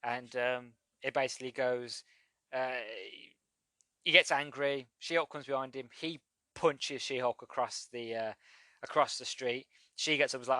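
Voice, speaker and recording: A man's voice: medium pitch, normal speed, pushed and bright, dry recording. A man hosting a podcast, reviewing a comic book in a casual, rambling way with many restarts. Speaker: podcast host.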